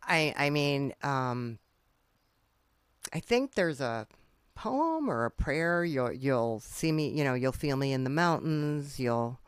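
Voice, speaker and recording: Host, unhurried delivery, smooth voice, dry close mic. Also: medium pitch, expressive, no room sound. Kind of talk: interview questions.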